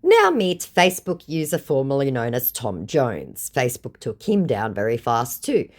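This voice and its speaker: A woman's voice: extremely low pitch, wildly swooping pitch, moderate pace. An Australian woman recounting chat logs in a comedic way, with dry, sarcastic asides. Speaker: scambaiting storyteller.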